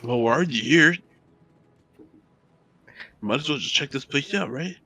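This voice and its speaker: A man's voice: medium pitch, lively intonation, unhurried, bright, forceful tone, breathy edge. A man playing a tabletop role-playing game, joking around and swearing casually. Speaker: player.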